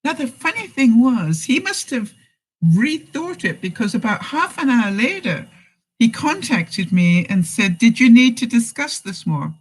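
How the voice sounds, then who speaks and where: A woman's voice: on the high side, very animated, measured pace, breathy edge, poor audio. A middle-aged woman vlogger giving life advice in a live chat, telling stories, acting out quoted lines and laughing often. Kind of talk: live-stream chat, reading viewer comments.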